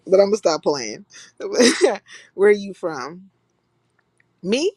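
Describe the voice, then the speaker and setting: A woman's voice: medium pitch, sing-song, extremely slow, long pauses, a little mellow, slightly rough, no room sound. A young woman from California hosting a live stream in blunt, profane, casual chat, laughing often. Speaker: livestream host.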